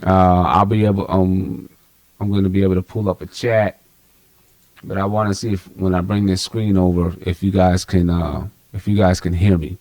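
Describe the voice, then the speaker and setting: A man with a fairly low voice hosts a live postgame fan stream, talking straight to his viewers in an easy, chatty way. He is picked up close on a dry computer mic with no room sound. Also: little pitch movement, normal speed, a little mellow, no room sound. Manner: chatty, addresses viewers directly. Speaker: fan livestream host. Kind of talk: live postgame basketball talk.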